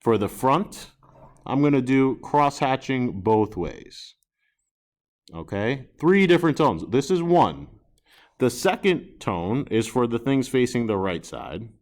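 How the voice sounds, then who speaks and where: A man's voice: mid-range voice, lively intonation, slow, a little mellow. A man teaching a recorded drawing lesson, chatty and self-deprecating, reacting aloud to his own sketches as he works.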